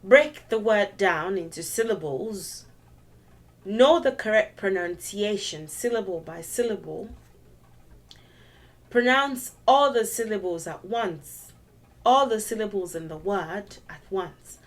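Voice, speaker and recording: A young woman teaches a beginners' language lesson at an unhurried pace. She explains patiently and goes back over each step. Her voice sits at an ordinary middle pitch. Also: lively intonation. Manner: explains patiently, repeats steps and sings a little memory song. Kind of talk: casual video lesson.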